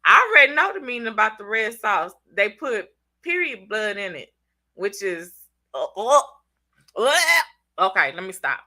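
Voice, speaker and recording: A woman's voice: mid-range voice, very animated, normal speed, bright, forceful tone. A congested woman with a Southern US accent, hosting a casual live stream, chatting in slang and teasing viewers by name. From Southern United States. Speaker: channel host reading live chat.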